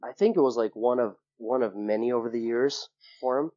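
A man's voice: mid-range voice, brisk, no echo, dull audio. A young man, a guest in an interview, telling a personal story casually, full of fillers and acting out what others said. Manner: rambling, filler-heavy, acts out quoted people in a raised voice.

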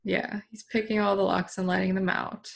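Author co-host, woman, relaxed book chat, some vocal fry. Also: mid-range voice, normal speed. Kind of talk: casual book discussion.

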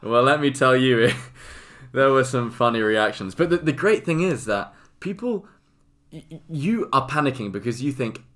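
A man's voice: mid-range voice, very animated, moderate pace, fairly bright tone. A young English man co-hosting a podcast, chatting casually with a giggly, self-mocking manner. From England. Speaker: podcast co-host. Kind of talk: casual comic chat.

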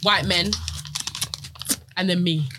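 A young woman, a wrestler guest chatting casually on a podcast, full of fillers and quick asides. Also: fairly low pitch, steady tone, music in the background. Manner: fast and chatty, lots of fillers.

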